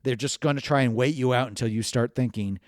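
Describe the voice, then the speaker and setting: A man's voice: medium pitch, quick pace, no room sound, studio quality. A man co-hosting a casual podcast chat, opinionated and analytical, thinking aloud with restarts. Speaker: podcast co-host.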